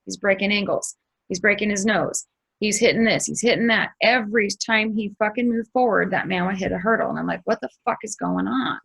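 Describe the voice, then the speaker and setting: Gravelly-voiced woman telling a spiritual story. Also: medium pitch, fairly quick, low-quality recording. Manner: swears freely, animated retelling with sound effects. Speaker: spiritual channel host.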